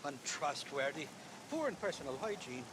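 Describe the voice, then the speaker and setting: An actor playing a shifty, boastful Irish drifter who rambles, wheedles and swears, with an Irish accent. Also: male voice, on the high side, big pitch swings, moderate pace, noisy background.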